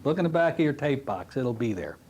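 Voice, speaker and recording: A middle-aged man teaching a recorded hypnotherapy lesson, telling stories from his practice in a lively way. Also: medium pitch, brisk, slight background noise. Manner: animated storytelling, drops to a soft hypnotic voice when demonstrating. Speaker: hypnotherapy instructor. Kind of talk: recorded training lecture.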